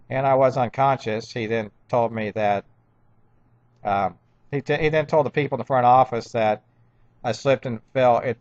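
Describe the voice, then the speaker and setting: A man's voice: mid-range voice, a little mellow, dry recording. Agitated guy in his 50s rambling on, keeps tripping over his words, dull muffled audio. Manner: agitated, rambling, with frequent stammered restarts. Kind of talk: rambling personal monologue.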